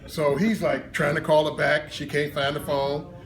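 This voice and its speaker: A man's voice: a little high, moderate pace, vocal fry. Colloquial man telling stories to a crowd. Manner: colloquial, animated, laughs through his stories. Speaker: lecturer. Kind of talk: storytelling talk to an audience. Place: conference room. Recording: echoey room, far from mic, noisy.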